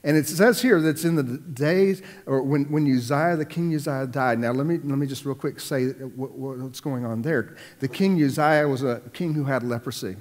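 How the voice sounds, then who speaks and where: Man, pastor, sermon, repeats himself for emphasis, loud then hushed, echoing hall. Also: mid-range voice, moderate pace, hardly any pauses.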